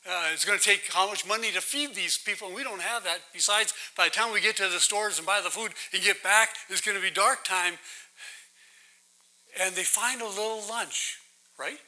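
A man's voice: high-pitched, normal speed, bright, forceful tone, low-quality recording. A man leading a Bible study, preaching in a conversational way that keeps asking the listeners questions and checking in with "right?". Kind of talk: interactive sermon with questions to the audience.

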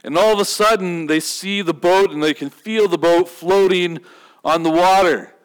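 A high-voiced male pastor gives a sermon in a loose, chatty style. He jokes with the congregation and keeps asking rhetorical questions. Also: moderate pace, smooth, poor audio. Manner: conversational, humorous, rhetorical questions.

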